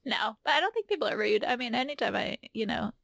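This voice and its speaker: A woman's voice: a little high, animated, fast, gravelly, fairly bright tone, no echo, studio quality. A young woman from North Carolina chatting casually, laughing often and acting out voices while she tells stories. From North Carolina, USA. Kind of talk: casual chat.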